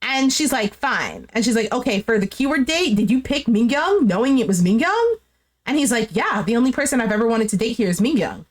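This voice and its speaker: A young woman casually recapping a dating show, chatty and animated, full of "like" and quoted dialogue. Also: on the high side, a little fast. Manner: chatty, animated retelling with lots of "like". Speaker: recap streamer.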